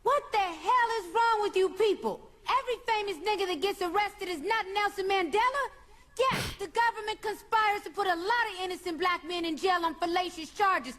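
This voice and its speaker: A woman's voice: extremely high pitch, normal speed, fairly bright tone. A woman voicing an exasperated young cartoon boy who scolds a crowd in a profane rant. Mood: scolding. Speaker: cartoon character. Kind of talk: cartoon voice acting.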